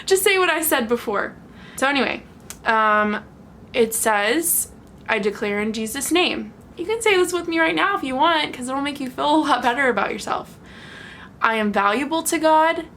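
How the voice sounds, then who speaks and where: A young woman in her twenties talking casually and frankly to the camera at home, animated and laughing often. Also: sits high, moderate pace, slight background noise. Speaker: vlogger.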